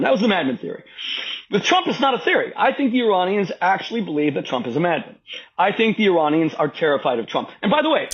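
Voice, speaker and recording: A man's voice: high voice, very animated, fast, dull audio. A man, a rabbi and podcast guest, arguing politics emphatically and repeating himself for stress while others cut in. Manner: emphatic, repetitive, talks over interruptions. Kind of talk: heated political conversation.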